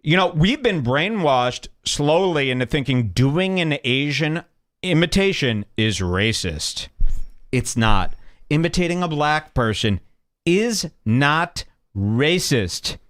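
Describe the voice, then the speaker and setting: A man's voice: a little high, big pitch swings, takes it slowly, fairly bright tone. A man hosting a podcast, reacting to clips with heated, emphatic, scornful commentary. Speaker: podcast host.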